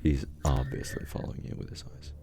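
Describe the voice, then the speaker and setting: A man narrating a tabletop role-playing game as game master, describing scenes in an unhurried way with fillers. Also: dark tone, slight background noise.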